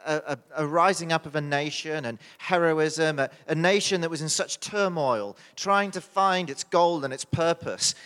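A man's voice: a little high, fairly bright tone. British male preacher, joking and loose, fillers and restarts, reverberant church hall. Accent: British English. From United Kingdom. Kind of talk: sermon.

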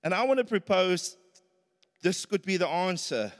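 High-voiced South African pastor preaching. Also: male voice, sing-song, moderate pace. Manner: earnest, rises to emphatic peaks. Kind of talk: sermon. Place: church hall. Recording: reverberant church hall.

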